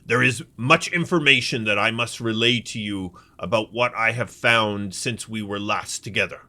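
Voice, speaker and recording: A man's voice: fairly low pitch, normal speed, bright, forceful tone. A man voicing a stern military general who gives formal, urgent orders. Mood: commanding.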